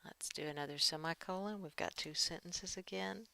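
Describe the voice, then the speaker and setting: A woman's voice: on the low side, normal speed, gravelly, bright, forceful tone, dry recording. A woman giving a writing lesson, talking through edits as she works and reading draft passages aloud. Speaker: writing teacher. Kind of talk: screen-share editing lesson.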